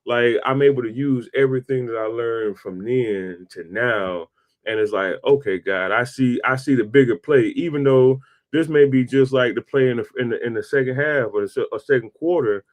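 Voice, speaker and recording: A man in his forties hosting a casual interview, telling stories in a relaxed, slang-filled way. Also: medium pitch, moderate pace. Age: 40s. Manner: slangy storytelling, peppered with "bro" and "man". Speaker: podcast host.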